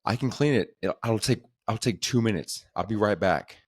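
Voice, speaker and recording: A man's voice: fairly low pitch, moderate pace, husky, no echo, pitched above the performer's own voice. A man imitating an eager, polite young male carpet cleaner with an upbeat, salesy way of talking.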